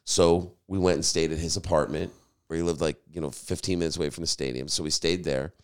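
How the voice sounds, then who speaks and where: A man, a podcast host and DJ, telling a story in casual chat, animated and swearing freely. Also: a bass voice, fast talker, smooth.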